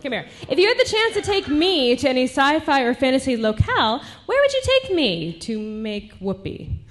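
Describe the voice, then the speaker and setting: A woman's voice: high-pitched, big pitch swings, normal speed, noisy background. A woman reading questions from cards at a live comedy show on a ballroom stage, giggly and flustered. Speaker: contestant asking questions. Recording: live hall recording with loud crowd.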